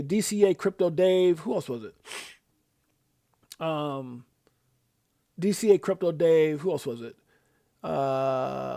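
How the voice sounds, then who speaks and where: A man hosting a live stream in a casual, hyped way, rattling off shout-outs to his viewers. His voice sits a little high for a man, with sudden loud jumps upward when he gets excited. The sound is dry and close, with no room around it. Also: creaky, dry recording. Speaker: livestream host.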